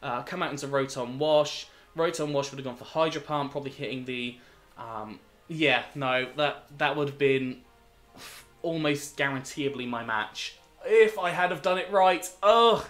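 A man's voice: medium pitch, moderate pace, fairly bright tone, soft background music. A man commentating his own competitive game battle, thinking aloud and turning exasperated and self-critical at his mistakes. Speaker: gaming video host.

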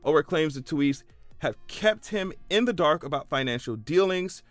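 A man giving casual reaction commentary, sassy and profane, breaking into high-pitched exclamations. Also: expressive, moderate pace, no echo, soft background music. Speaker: commentary vlogger.

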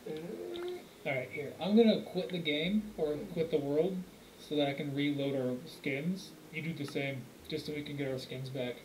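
A man's voice: on the high side, normal speed, a little mellow, rough recording. Laid-back gamer man over background noise. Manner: laid-back, swearing, reacting to gameplay. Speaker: co-player. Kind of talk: casual gaming chat.

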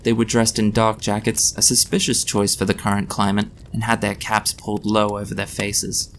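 A man reading his own story aloud in a measured, dry narration. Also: lowish voice, level tone, fairly bright tone, a little hiss or hum.

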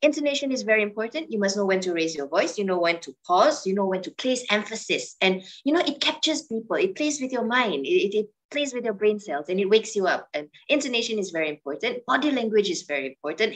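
A middle-aged woman speaking as a panelist in an online webinar, swinging her pitch and loudness for emphasis. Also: rough recording.

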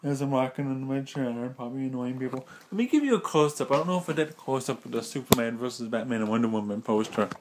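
A chatty man rambles through a casual vlog, laughing often. His voice sits at an ordinary middle pitch. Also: expressive, quick pace, few pauses, a little mellow, slight background noise. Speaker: vlogger.

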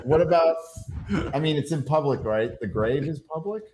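A man's voice: fairly high pitch, animated, normal speed, darkish tone. A man co-hosting a casual panel show, reading out donation messages and chatting, swearing and laughing often. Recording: noisy livestream audio.

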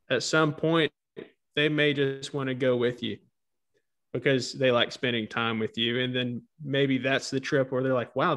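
A man's voice: mid-range voice, fairly bright tone. Easygoing man co-hosting a podcast. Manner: easygoing, hands the turn to his co-host. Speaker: podcast co-host. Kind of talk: casual chat.

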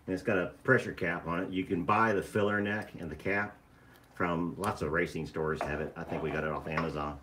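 A middle-aged man with a fairly low voice talks through a casual live stream. He is blunt and joking, swearing freely as he shows his boatbuilding work. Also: fairly even intonation, fairly quick, a bit bright, a little hiss or hum.

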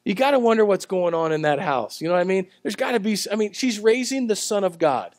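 A man preaching a sermon at a church service, telling the story in a conversational way and swinging between loud, emphatic lines and quiet ones. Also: high-pitched, lively intonation, quick pace, no room sound. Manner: conversational storytelling with acted-out voices. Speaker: pastor.

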